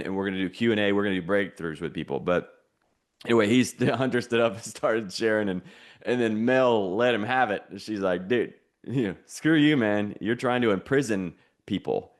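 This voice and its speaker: Low voiced guy preaching at his online group, repeats himself a lot, asks them to answer back. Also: brisk. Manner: preachy, repetitive, call-and-response. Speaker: host of an online challenge. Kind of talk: motivational teaching.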